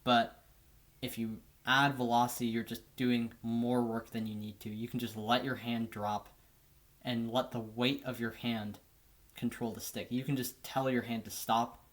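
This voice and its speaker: A man teaching drum technique in a relaxed, casual way, often checking in with "right?". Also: mid-range voice, measured pace. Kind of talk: casual instructional explanation.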